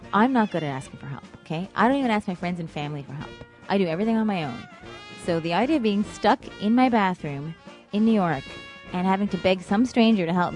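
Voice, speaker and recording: A woman telling a personal story in vivid, dramatic fashion, dropping to a hush and rising again. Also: on the low side. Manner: vivid, dramatic, ranging from hushed to loud.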